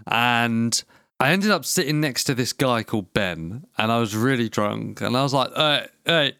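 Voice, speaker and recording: A man's voice: medium pitch, moderate pace, creaky, a bit bright, dry recording. A man co-hosting a podcast, chatting in loose, sweary banter that keeps tipping into giggles. He rambles from one story to the next. The recording is close and dry. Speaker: podcast co-host. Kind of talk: casual banter.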